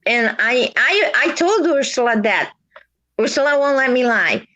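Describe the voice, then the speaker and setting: A woman talks on a casual video livestream in a high voice. She tells her stories earnestly, breaking off and restarting as she goes. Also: measured pace, lo-fi sound. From South America. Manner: earnest, animated storytelling with restarts. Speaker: livestream host. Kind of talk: casual chat.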